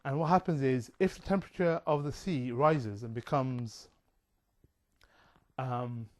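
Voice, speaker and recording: A man's voice: medium pitch, unhurried. Rambling chatty man. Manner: chatty, digressive, many fillers. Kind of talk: rambling casual monologue.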